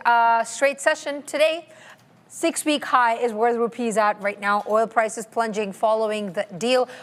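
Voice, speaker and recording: A woman presenting a live currency and market news update in a brisk, scripted way, with small slips she corrects. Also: fairly high pitch.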